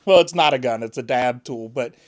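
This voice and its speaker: A man's voice: medium pitch, a little fast. A man vlogging casually at home, rambling with lots of fillers and restarts. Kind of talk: casual chat to camera.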